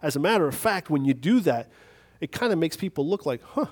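A man's voice: on the high side, lively intonation, a little fast, a little mellow, slightly rough. A man preaching a sermon on forgiveness in a conversational, self-deprecating way, telling a story on himself.

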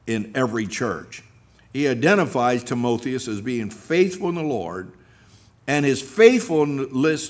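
A middle-aged male pastor preaching a sermon with earnest emphasis, telling personal stories and reading scripture. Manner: earnest preaching, with rises in pitch and loudness for emphasis; acts out quoted speakers while telling stories.

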